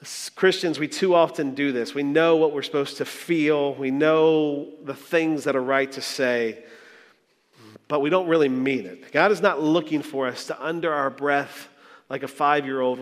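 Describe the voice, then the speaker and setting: A man's voice: a little high, moderate pace. A man preaching a sermon as a pastor, earnest and reflective, telling stories with small restarts. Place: church sanctuary. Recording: long hall reverb.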